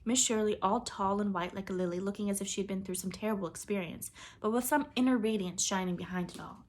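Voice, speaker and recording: A woman narrating a classic children's novel in an even, expressive storybook reading. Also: medium pitch, quick pace. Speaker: audiobook reader.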